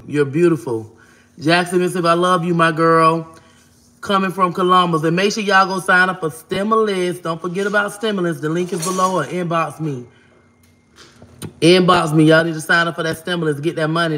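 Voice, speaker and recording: A woman hosting a casual livestream, talking fast and giving shout-outs to viewers as she reads their comments. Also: low-pitched.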